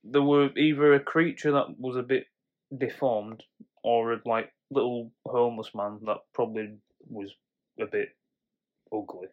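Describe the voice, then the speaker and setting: A man's voice: mid-range voice, steady tone, unhurried, phone-quality sound. A young man, co-hosting a casual podcast chat and swearing freely as he jumps into mock voices. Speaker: podcast co-host.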